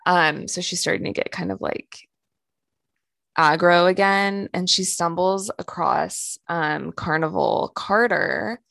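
A young woman co-hosts a podcast and recaps an episode in loose, crude, joking chat. Her voice sits a little low and has a gravelly fry, and the recording is dry with no room sound. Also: takes it slowly, a bit bright, no echo. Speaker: podcast co-host.

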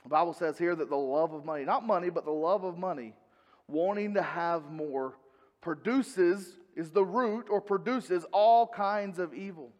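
A man's voice: sits high, normal speed, a little mellow, big-room sound. A man from North Carolina, preaching an earnest, conversational sermon with frequent restarts and self-corrections. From North Carolina, US South.

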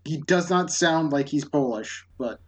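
A man co-hosting a podcast, excitable and laughing often in casual chat. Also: on the high side, measured pace, muffled recording. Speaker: podcast co-host.

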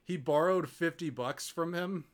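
High-voiced man telling a laughing anecdote. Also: a little slow. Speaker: podcast co-host. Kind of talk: casual chat.

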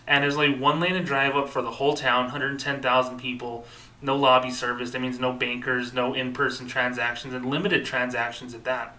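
Upset but earnest, a thirty-something podcast host delivers a personal monologue full of fillers and restarts. He has a medium-pitched, level voice that is fairly quick, bright, and forceful, though the audio is poor and the mic distant.

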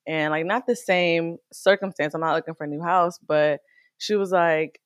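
A woman talking casually to her viewers about faith and stress, chatty and animated, calling the listener girl. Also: on the low side, moderate pace, no echo, studio quality. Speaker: faith vlogger. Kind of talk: casual faith talk to camera.

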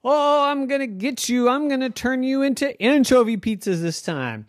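A wicked storybook queen, put on by a storyteller, gloating as she threatens. The voice is raised and lively, recorded close and dry. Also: sits high, moderate pace, dry recording, pitched above the performer's own voice. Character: wicked fairy-tale queen.

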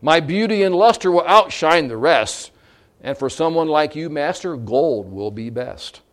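A man's voice: on the high side, expressive, unhurried. A man reciting a poem and voicing a boastful golden vessel that begs to be chosen. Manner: bragging, raised and insistent. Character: boastful shiny golden vessel, proud and eager.

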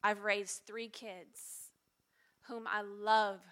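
A woman's voice: mid-range voice, moderate pace. Earnest middle-aged woman preaching. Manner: earnest, confessional, dropping to hushed tones at times. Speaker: pastor. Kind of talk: sermon.

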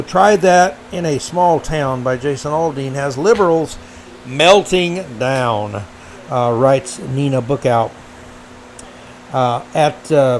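A man's voice: on the high side, slight background noise, poor audio. Sarcastic, combative podcast host man. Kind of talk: political commentary monologue.

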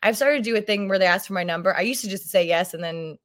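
Her mid-range voice is a bit bright and she talks fast. Appearing as a podcast guest, this woman in her thirties keeps the chat casual, wandering off, stumbling over her words and laughing a lot.

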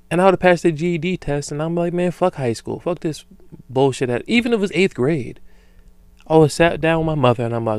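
Podcast host, thirties, male; smooth, dry close-mic sound; profane storyteller who acts out both sides of a conversation. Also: mid-range voice, dry recording. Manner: profane, animated storytelling with imagined dialogue; grows loud and heated when worked up. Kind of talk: solo rambling podcast talk.

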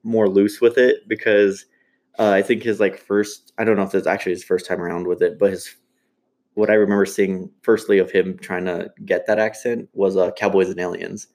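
A man casually talking about a movie with friends, animated and laughing as he jumps in with his own take. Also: low voice, moderate pace.

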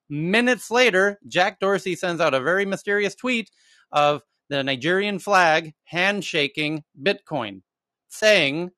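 Bright, animated male chat host. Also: sits high, measured pace, dry recording. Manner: animated storytelling, profane. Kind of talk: casual live audio chat.

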